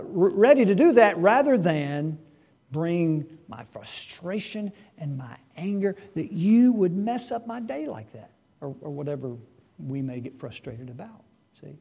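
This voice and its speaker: A male preacher with a notably high-pitched voice delivers a sermon. He poses rhetorical questions and swings from hushed, quiet stretches to loud, emphatic ones.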